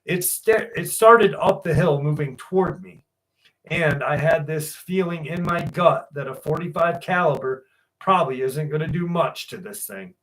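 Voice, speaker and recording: A man's voice: a little high, normal speed, fairly bright tone, distant mic, rough recording. A man recounting a frightening encounter he had, telling it steadily with a few small restarts. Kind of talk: spoken first-person account.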